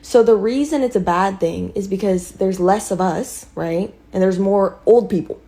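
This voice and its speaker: A woman's voice: mid-range voice, normal speed, dark tone. A young American woman explaining a point in a casual video, checking in with her viewers as she goes. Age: young adult. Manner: explaining, checks in with "okay?" and "you get what I'm saying".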